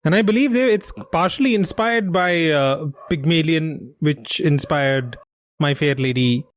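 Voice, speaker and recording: A man's voice: a little high, a little slow, no echo, studio quality. A man hosting a quiz podcast in casual chat, explaining answers and teasing his co-host.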